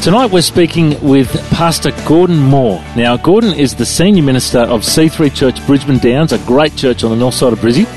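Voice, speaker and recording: Man, show host, enthusiastic, mid pitch, faint music. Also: expressive, normal speed, hardly any pauses, darkish tone. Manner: enthusiastic, frequent filler restarts. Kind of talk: interview introduction.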